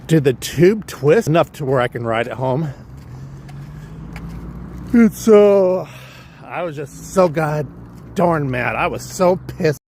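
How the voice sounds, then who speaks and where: A man's voice: on the high side, animated, slow pace, pauses often, a little mellow, a little hiss or hum. A man with a Californian accent, talking through a casual, rambling, profane story on his livestream vlog. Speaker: livestream vlogger.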